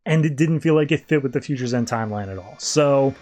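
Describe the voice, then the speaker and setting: A man's voice: mid-range voice, expressive, fast, a little mellow, faint music behind. Chatty man reviewing comics. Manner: chatty, rambling, self-correcting. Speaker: podcast host. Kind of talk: casual comic book review.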